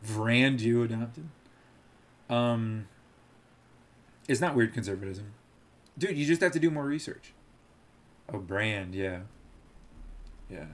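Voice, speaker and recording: A man's voice: fairly low pitch, lively intonation, takes it slowly, pauses often. A man streaming live, rambling and laughing as he mocks people and tries out impressions.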